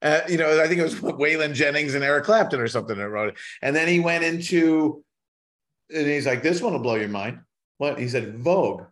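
A middle-aged man, a musician guest on a podcast, telling wry, animated anecdotes and acting out what people said to him. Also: medium pitch. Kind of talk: casual storytelling in a podcast interview.

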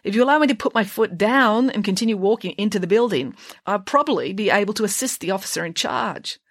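A woman reading aloud, voicing a clever, deadpan teenage girl who speaks precisely and matter-of-factly. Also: medium pitch, fast, no room sound, pitched above the performer's own voice. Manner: precise, dry, matter-of-fact.

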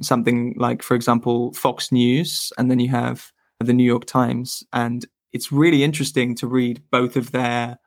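A man's voice: medium pitch, gravelly, dry recording. Guy on a podcast explaining stuff, thoughtful, bit hesitant, dry sound. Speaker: podcast guest. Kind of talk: casual interview chat.

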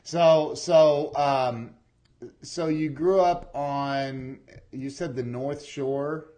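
A man hosting a podcast interview, asking questions in a halting, repetitive way with many fillers. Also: fairly high pitch, fairly even intonation, mellow. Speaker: podcast host. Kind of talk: casual interview chat.

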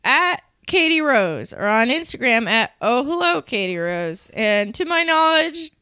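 A woman's voice: high-pitched, very animated, measured pace, pushed and bright, smooth, no room sound, clean studio sound. A woman chatting casually on a comedy podcast, rambling with lots of "like".

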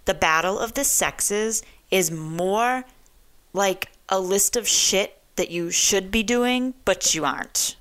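A woman's voice: mid-range voice, takes it slowly, a bit bright. A young adult woman hosting a talk radio show, ranting in a blunt, profane, provocative way.

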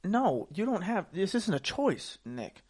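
A young man co-hosting a podcast, telling stories loudly and with animation, jumping between shouts and mutters. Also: sits high, big pitch swings, measured pace, slightly rough. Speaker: podcast co-host. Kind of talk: casual podcast banter.

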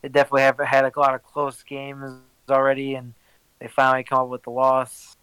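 A man's voice: mid-range voice, monotone, brisk, fairly bright tone, clean tone, no room sound, low-quality recording. Easygoing man chatting about sports. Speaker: podcast co-host. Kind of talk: casual sports chat.

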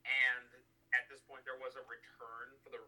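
A man co-hosting a casual podcast from home, telling a story in a joking, animated way. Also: mid-range voice, normal speed, recorded from a distance, rough recording. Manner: animated, joking, bursts into put-on voices and laughter. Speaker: podcast co-host. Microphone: home recording during a snowstorm.

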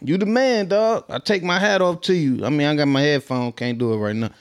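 This commentary vlogger, a Minnesota man, speaks a little high, brisk and smooth. He laughs his way through the news for viewers in relaxed, slang-packed street talk.

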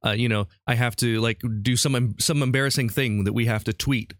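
A man's voice: medium pitch, steady tone, fairly quick, no echo. A chatty man hosting a comedy quiz podcast, laughing easily and keeping the banter light. His voice sits in a middling register and sounds close and dry, with no room around it. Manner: laughing often, chatty and upbeat. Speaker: podcast host quizzing a guest. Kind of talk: casual comedic quiz chat.

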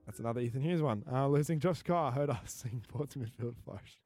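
A man's voice: mid-range voice, a little fast, darkish tone, soft background music. A young man, co-hosting a casual podcast and reading out fan comments with frequent laughs. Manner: laughs often, reads out names and comments. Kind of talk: casual chat.

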